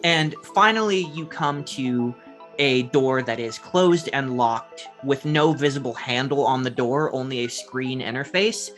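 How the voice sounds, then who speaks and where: A man's voice: mid-range voice, measured pace, a bit bright, faint music behind. A man narrating as game master of a tabletop game, describing scenes casually with lots of fillers.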